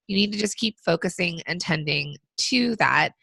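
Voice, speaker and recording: A woman co-hosting a business podcast, giving casual advice with lots of fillers, her voice still rough from being sick. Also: on the low side, normal speed, sharp tone, dry recording. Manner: conversational, frequent fillers. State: recovering from illness. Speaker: podcast co-host.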